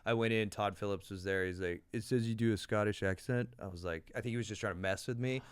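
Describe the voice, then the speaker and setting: A man from Canada, a guest actor telling quick, animated anecdotes in a casual interview. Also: on the low side, smooth, no room sound.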